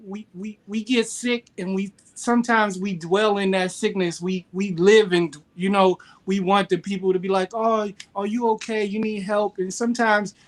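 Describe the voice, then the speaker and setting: A man, a guest on a casual chat show, speaking earnestly and motivationally, halting often with fillers. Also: high-pitched, fairly even intonation.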